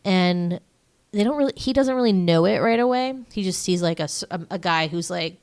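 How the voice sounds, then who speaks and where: A woman's voice: fairly low pitch, animated, brisk, darkish tone, clear, resonant tone. A woman co-hosting a podcast, recapping a movie in a rambling, joking way with many fillers. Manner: rambling, filler-heavy, jokey asides. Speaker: podcast co-host. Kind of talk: casual movie recap chat.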